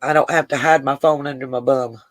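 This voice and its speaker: A woman's voice: very deep voice, steady tone, fairly quick, dry recording. A woman hosting a casual livestream, talking to viewers by name and getting emotional. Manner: talks to chat viewers by name, Southern "y'all". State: emotional, close to tears. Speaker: livestream host.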